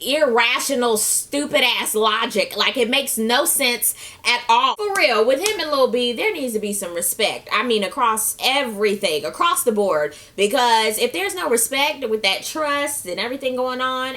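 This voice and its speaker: Sassy woman recapping reality tv, high voice that swoops all over. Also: moderate pace. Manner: animated, sassy, slips into quoted voices. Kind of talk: casual recap commentary.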